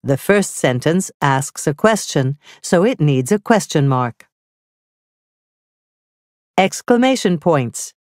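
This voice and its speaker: A woman narrating a scripted grammar lesson, reading slowly and carefully with clearly spelled-out examples. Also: low voice, expressive, a little mellow, dry recording, studio quality. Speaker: teacher.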